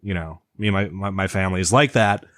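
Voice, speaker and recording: Rambling low-voiced midwestern guy. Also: quick pace, fairly bright tone, no room sound. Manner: rambling, many restarts and fillers. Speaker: podcast co-host. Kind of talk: casual chat.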